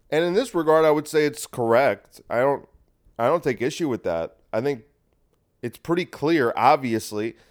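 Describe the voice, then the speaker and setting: A man hosting a podcast, talking in a rambling, crude and sarcastic monologue with frequent restarts. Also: medium pitch. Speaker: podcast host. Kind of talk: casual monologue.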